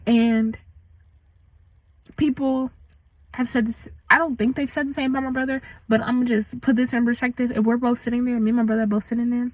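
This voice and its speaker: A woman's voice: a little high, flat delivery, brisk, no echo, rough recording. A young woman in her late teens venting in a casual storytime rant, slangy and full of likes. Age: young adult. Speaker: vlogger.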